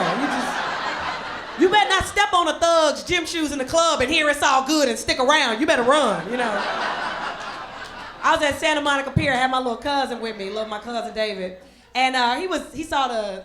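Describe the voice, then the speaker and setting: A woman doing a stand-up comedy set on a club stage, loose and streetwise, breaking into loud mocking voices. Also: sits high, animated, fairly quick. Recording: roomy club sound with audience noise. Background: audience laughter.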